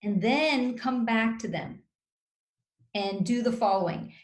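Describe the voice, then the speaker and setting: A woman working as a communication coach gives advice in an interview, in a measured, instructive way. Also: a little high. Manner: measured, instructive, acts out calm example phrases. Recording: roomy echo.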